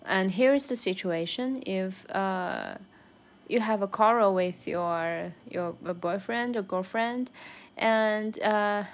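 A woman whose first language is Chinese gives a casual spoken lesson on everyday phrases, pausing often with fillers and correcting herself. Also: medium pitch. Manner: thoughtful, many fillers and self-corrections. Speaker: language learner sharing lessons.

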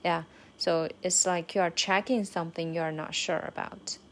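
A woman whose first language is Mandarin Chinese keeps a casual spoken diary of her language study, hesitant and full of fillers as she carefully sounds out practice phrases. Her voice is lowish and steady at a moderate pace, with slight background noise.

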